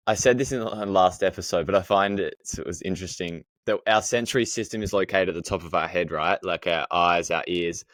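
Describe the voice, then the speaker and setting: Male podcast host, very low voice, thoughtful questions, dry close sound. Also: no echo. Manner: thoughtful, searching questions with restarts. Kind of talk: podcast interview conversation.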